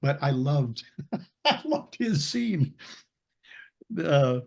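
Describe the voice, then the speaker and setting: A man's voice: fairly high pitch, big pitch swings, extremely slow, creaky, darkish tone. An older man, an actor as interview guest, telling rambling stories, searching for names and laughing as he goes. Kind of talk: casual anecdotal storytelling.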